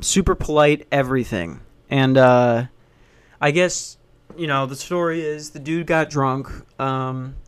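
A man's voice: mid-range voice, fairly bright tone, clean tone. A man who works a hotel front desk, venting in a worked-up, profane rant about a coworker. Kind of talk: venting storytime vlog.

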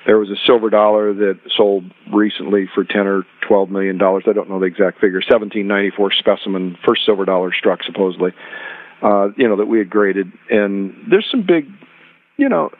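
A man's voice: on the low side, fairly quick. A man telling rambling anecdotes as a guest in a podcast interview, acting out quoted dialogue as he goes. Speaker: rare coin dealer and guest. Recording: tinny phone-line sound.

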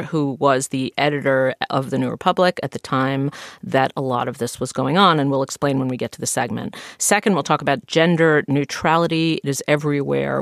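A woman's voice: deep voice, no room sound, studio quality. A woman hosting a chatty podcast, nasal from a head cold, with frequent fillers and laughs. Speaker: podcast host. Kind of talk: casual chat.

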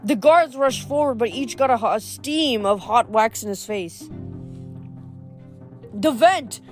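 A woman's voice: fairly high pitch, moderate pace, soft background music. Woman reading a novel aloud, stumbling. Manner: frequent stumbles and restarts. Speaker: reader.

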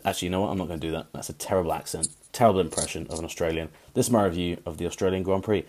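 A man's voice: low-pitched, a little mellow. A man co-hosting a casual chat podcast, joking, laughing often and mocking himself. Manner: quick, laughing, self-mocking. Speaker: podcast co-host.

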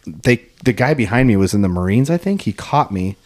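A young man co-hosting a casual podcast chat, telling animated anecdotes and laughing through them. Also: fairly low pitch, fairly quick. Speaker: podcast co-host.

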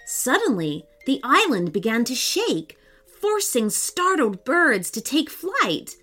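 Woman reading a bedtime story, kinda high voice, music playing soft underneath. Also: slow pace, slightly rough. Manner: expressive, lilting. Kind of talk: children's story narration.

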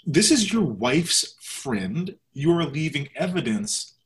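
A man's voice: on the high side, very animated, takes it slowly, a little hiss or hum, low-quality recording. Blunt, sarcastic man on a podcast. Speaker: podcast co-host. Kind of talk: casual chat.

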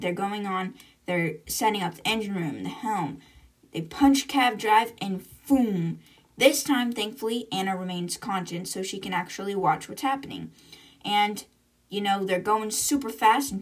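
A young woman hosts a casual book podcast, recapping chapters in a chatty way and tossing in side comments. Her voice is husky and she sits a little back from the microphone. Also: mid-range voice, unhurried, distant mic. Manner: chatty, retells with asides. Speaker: podcast host.

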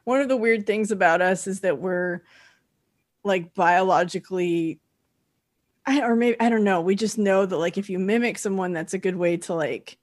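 A woman's voice: mid-range voice, normal speed. A woman with a mid-range voice, co-hosting a podcast and retelling a cartoon plot. She chats casually and leans on "like" as she talks. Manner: storytelling recap, chatty, with many "like"s. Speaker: podcast co-host. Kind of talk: casual chat recapping a cartoon episode.

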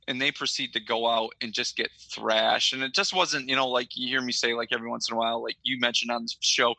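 A man's voice: mid-range voice, steady tone, normal speed, creaky, bright, forceful tone, no echo, low-quality recording. A middle-aged man from Michigan, a podcast co-host, telling a rambling story in casual chat with lots of fillers.

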